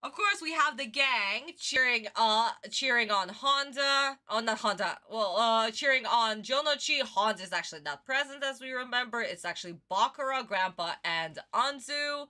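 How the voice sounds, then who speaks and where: Animated, high-voiced woman streamer. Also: normal speed, few pauses. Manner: animated, exclamatory, swears freely. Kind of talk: casual livestream reaction commentary.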